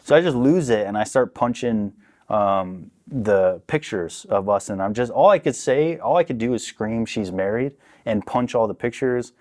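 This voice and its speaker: A young man telling a story on a podcast in a casual, profane, animated way, acting out what people said. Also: medium pitch, moderate pace. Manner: profane, animated, acts out quotes. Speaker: podcast guest.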